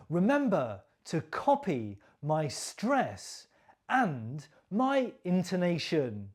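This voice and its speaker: Woman teacher doing slow pronunciation drills, kinda low voice but really sing-song, super careful enunciation. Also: wildly swooping pitch, a little mellow. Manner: careful, deliberate enunciation with exaggerated intonation for repetition.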